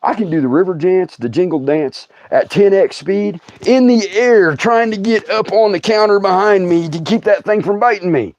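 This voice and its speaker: A middle-aged man telling stories on a livestream in a casual, animated way, laughing often and acting out other people's voices. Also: high voice, normal speed, few pauses, no room sound, highs cut off. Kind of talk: casual storytelling.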